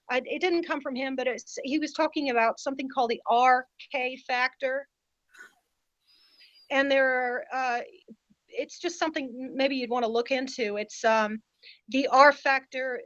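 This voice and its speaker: Emphatic woman podcast guest with a high voice, dry and a bit lo-fi. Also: fairly bright tone, no echo. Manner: emphatic and indignant. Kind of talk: casual podcast conversation.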